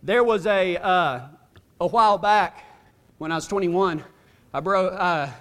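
A man's voice: high voice, measured pace, fairly bright tone. A man preaching a folksy, humorous sermon, telling a story with drawling asides and laughing along. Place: church hall. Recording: long hall reverb.

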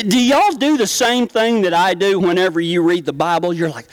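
Middle-aged West Texas preacher, down-home joking delivery, high-pitched voice, dry recording. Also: male voice, moderate pace, few pauses, dry recording, rough recording. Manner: storytelling, down-home, joking with congregation. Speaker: pastor. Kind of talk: folksy sermon.

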